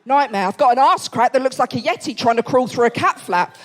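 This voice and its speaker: A woman's voice: high-pitched, lively intonation, fairly quick, noisy background. A woman in her forties with an Essex accent, doing stand-up comedy in a club, brash, sweary and self-mocking. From England. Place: comedy club, live audience.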